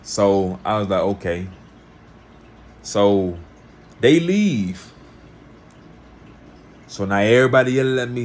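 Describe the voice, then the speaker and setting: A man telling a personal story in a casual, lively way, acting out the people he quotes. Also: on the low side, slow pace, long pauses, slight background noise.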